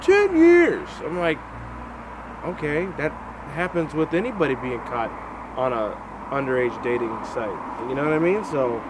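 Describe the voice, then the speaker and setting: A man's voice: medium pitch, normal speed, background noise. A man from Alaska co-hosting a casual outdoor chat, acting out quotes in funny voices. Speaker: co-host.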